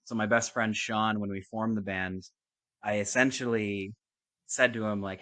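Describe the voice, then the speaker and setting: Canadian guy, keyboardist guest, low and bright, wry and easygoing. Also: fairly even intonation, moderate pace, dry recording, poor audio. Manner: laid-back, wry understatement. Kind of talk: casual chat.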